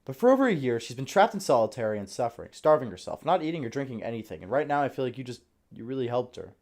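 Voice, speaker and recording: A man voicing an eager young male prison guard, who talks in an earnest, fumbling and excitable way. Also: medium pitch, quick pace.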